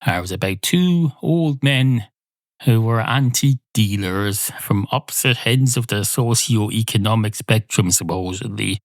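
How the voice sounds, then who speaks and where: A man with an Irish accent hosting a comedy podcast, rambling through a deadpan, digressive monologue into a close mic with casual swearing. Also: lowish voice, unhurried, no echo. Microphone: close studio mic.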